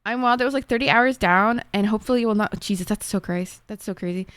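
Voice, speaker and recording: A woman's voice: medium pitch, quick pace, a bit bright, clean tone, dry recording. A young woman streamer chatting casually with her viewers, emotional and swearing freely. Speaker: live streamer.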